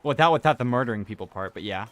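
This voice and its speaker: A man's voice: medium pitch, expressive, racing. A young man chatting casually while playing a game, rambling and correcting himself as he tells stories. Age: young adult. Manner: rambling, self-correcting, chuckling storyteller. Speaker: gaming streamer. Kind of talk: casual chat while gaming.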